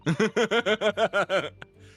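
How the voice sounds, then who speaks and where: A man's voice: sits high, very slow, fairly bright tone, faint music behind. A man co-hosting a let's play, chatting casually with self-deprecating asides. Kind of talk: casual gameplay commentary.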